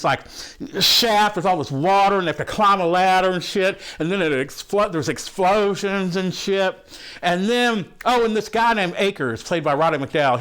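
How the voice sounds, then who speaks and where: A man doing a high, crude, swearing movie buff. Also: a bit bright. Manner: crude, swearing, rambling retelling. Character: crude, horny male movie buff, rambling and profane. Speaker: host reviewing a film. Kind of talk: comic character monologue.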